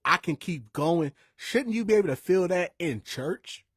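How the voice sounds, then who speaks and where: A young man, telling stories in a lively, informal preaching style. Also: high-pitched, unhurried, breathy edge, no echo, clean studio sound. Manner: lively, animated storytelling with quoted voices and restarts. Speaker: speaker sharing church stories.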